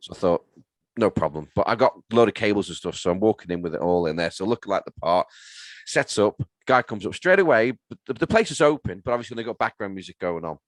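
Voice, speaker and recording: A low-pitched man describes DJ gigs in a dry, matter-of-fact way. The recording is close, with no room sound. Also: lively intonation, fast talker, dry recording. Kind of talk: casual podcast chat.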